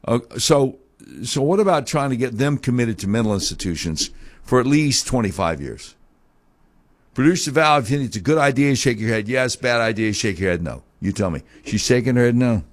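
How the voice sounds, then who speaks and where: A man's voice: medium pitch, animated, a little fast. A man hosting a talk show, delivering a heated, sarcastic opinion monologue full of mocking rhetorical questions.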